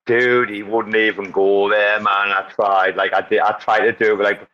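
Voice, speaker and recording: A man hosting a casual online audio chat, with loud, joking, swearing banter. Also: fairly low pitch, little pitch movement, normal speed. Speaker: host. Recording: dull lo-fi online call audio.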